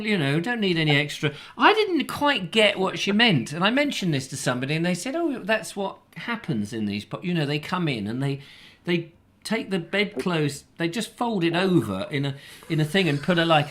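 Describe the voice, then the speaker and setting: A man's voice: on the high side, a bit bright. A man hosting a comic live chat show, telling rambling anecdotes and laughing at his own stories. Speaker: host.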